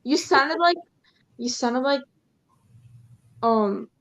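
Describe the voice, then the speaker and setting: A woman's voice: high voice, animated, extremely slow, a bit bright. A woman co-hosting a podcast, chatting eagerly and casually. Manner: eager and chatty, with some fillers. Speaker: podcast co-host. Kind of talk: casual chat. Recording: dull lo-fi sound.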